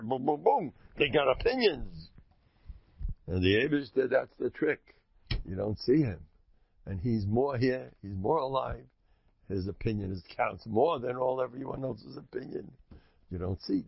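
Religious speaker: a man with a husky, gravelly voice, preaching emphatically and cracking jokes. Lo-fi recording. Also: medium pitch, dry recording. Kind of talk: sermon. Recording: lo-fi dull recording.

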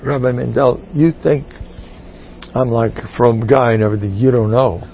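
A man, a rabbi and teacher, giving a humorous inspirational talk to a group, animated and jumping into character voices. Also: mid-range voice, normal speed, dull audio, a little hiss or hum.

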